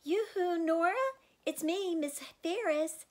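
A woman voicing a fussy older woman neighbor calling out in a high, sing-song voice. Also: slow, darkish tone. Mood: chirpy.

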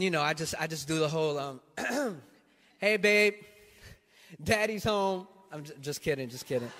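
A man's voice: high voice, bright, forceful tone, big-room sound. A pastor from New York City telling a funny story in his sermon, acting out both sides of it.

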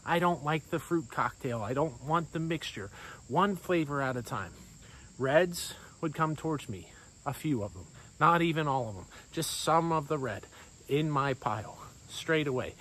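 A man's voice: a little high, normal speed, slight background noise, low-quality recording. Playful man preaching casually. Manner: playful, conversational storytelling with lively swings. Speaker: pastor. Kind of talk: sermon.

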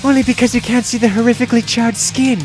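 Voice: mid-range voice, steady tone, quick pace, natural voice. A performer voicing a snarky, vengeful woman adventurer in a comedic fan parody, dry and cutting, with faint music behind. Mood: furious.

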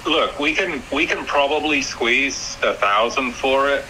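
A man speaking in a very bright, sharp voice with faint noise behind it. He answers in a dry, matter-of-fact way. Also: medium pitch, measured pace, rough recording.

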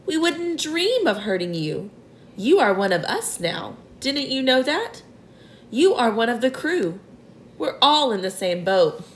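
Woman reading as a gentle ladybird, soothing, lilting voice, echoey room. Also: on the high side, big pitch swings, takes it slowly, hardly any pauses, slight background noise, exaggerated voice. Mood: kind. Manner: kind, reassuring. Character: kind, motherly female ladybird. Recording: roomy echo.

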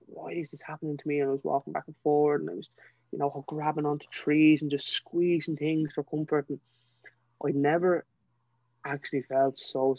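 A man's voice: medium pitch, dry recording, highs cut off. A young man with a Dublin Irish accent, a podcast guest telling his personal story in an earnest, emotional way, often saying "you know". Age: young adult.

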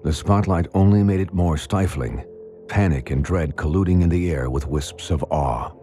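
A man narrating an audiobook in a dramatic, measured storytelling manner. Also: sits low, mellow, soft background music. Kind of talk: scripted narration.

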